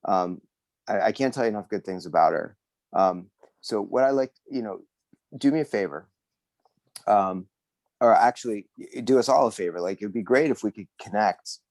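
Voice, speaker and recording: A man with a fairly low voice plays out a practice referral call with a networking group. He talks in halting bursts, restarting often and vouching eagerly for a contact. The sound is close and dry, like a video call. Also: a little mellow, dry recording. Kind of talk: role-play referral call.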